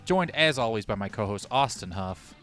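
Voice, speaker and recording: Low, smooth-voiced male podcast host. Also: animated, normal speed, a bit bright, faint music behind. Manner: wry, joking asides. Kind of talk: casual comedic podcast chat.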